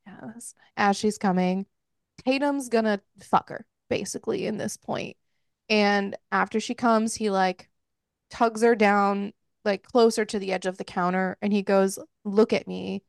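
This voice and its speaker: A woman's voice: mid-range voice, steady tone, measured pace, vocal fry, smooth, no room sound, clean studio sound. A woman hosting a podcast, casually and frankly recapping a book with lots of filler words. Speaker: podcast host.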